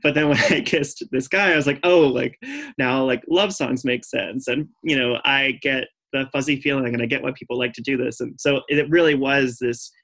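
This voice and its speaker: A man's voice: mid-range voice, fairly even intonation, a little fast, hardly any pauses, sharp tone. Candid man telling a personal story. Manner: chatty, full of "like" and "um" fillers; earnest and candid.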